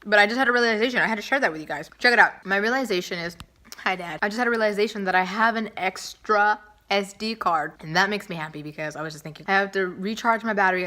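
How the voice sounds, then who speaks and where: A young woman talks quickly into the camera from home, rambling through her plans in a loose, repetitive way. Her voice sits a little low for a woman. It is a casual home vlog with no script. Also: pushed and bright. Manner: chatty and repetitive, self-talk to camera. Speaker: vlogger.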